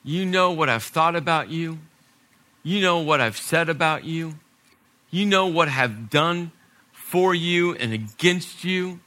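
A male preacher voicing Peter in a sermon, hushed and pleading. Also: a little high, animated, takes it slowly, exaggerated voice. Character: Peter, grown man, ashamed and pleading.

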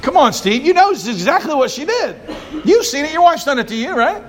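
A man with a notably high speaking voice delivers a sermon from the pulpit. He preaches emphatically and calls on the congregation to answer back. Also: sing-song, fairly quick, a little hiss or hum. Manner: call-and-response preaching, emphatic. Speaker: pastor.

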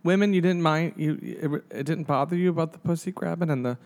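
A man's voice: on the high side, a little fast, darkish tone. A man co-hosting a casual podcast chat, rambling and profane, often restarting his sentences. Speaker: podcast co-host.

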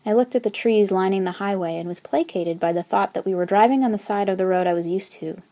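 A young woman with an American accent telling a personal story in an earnest, measured way, with wry, self-deprecating humor. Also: mid-range voice, warm tone. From United States. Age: young adult.

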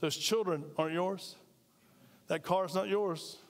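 A man's voice: sits high, unhurried, big-room sound. A man preaching a sermon as pastor, talking conversationally and drawing call-and-response from his congregation in a large church. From United States.

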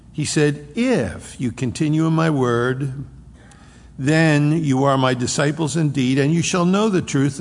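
A man's voice: on the high side, creaky, darkish tone. A male pastor preaching an expository sermon, explaining scripture verse by verse. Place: church sanctuary. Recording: reverberant hall with faint noise.

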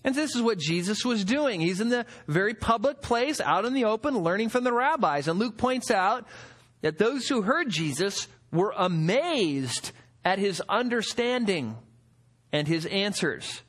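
A male pastor delivering a sermon with a high, expressive voice. He swings widely up and down in pitch, reading verses and asking the room rhetorical questions, then dropping into acted-out quotes of the people he describes. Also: measured pace.

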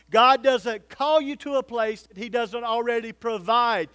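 Animated high-voiced preacher man. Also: measured pace, few pauses, clean tone, dry recording. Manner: animated preaching, swinging from loud calls to hushed pleading. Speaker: pastor. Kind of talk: sermon.

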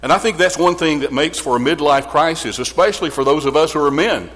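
A man's voice: a little high, quick pace, fairly bright tone. A middle-aged man preaching a sermon, telling a story reflectively and speaking directly to his congregation. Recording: long hall reverb.

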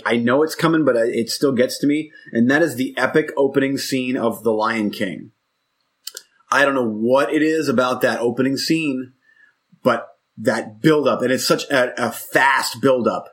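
A husky-voiced man in his forties chats casually as a podcast co-host. He rambles and reflects, often stopping mid-thought to start a sentence over. His pitch sits in an ordinary middle range. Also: fairly bright tone. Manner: rambling, reflective, self-interrupting. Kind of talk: casual chat.

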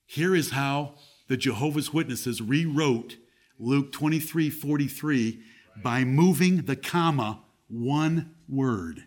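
A man's voice: mid-range voice, slow pace. A man preaching a sermon as pastor, reading scripture aloud with strong emphasis.

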